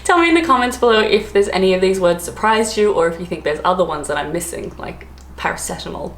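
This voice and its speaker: A woman's voice: mid-range voice, expressive, quick pace, echoey room. A woman in her thirties from Australia with an Australian accent, chatting casually to camera, laughing often between many fillers. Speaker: vlogger.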